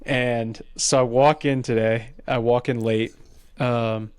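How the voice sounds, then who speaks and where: A podcast co-host casually tells a funny story, animatedly quoting the people in it. His voice is medium pitch, slow, and smooth.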